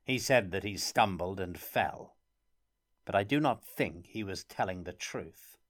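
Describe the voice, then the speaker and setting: Gruff, stern minister, suspicious and ungracious, as a male narrator reads him. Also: low-pitched, expressive, a little slow. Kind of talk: audiobook character reading.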